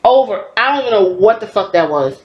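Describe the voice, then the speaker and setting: A woman's voice: medium pitch, lively intonation, fairly quick, reverberant, muffled recording. A woman in her late thirties, hosting a podcast and giving blunt, profane, opinionated wrestling commentary from home. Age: 30s. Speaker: podcast host.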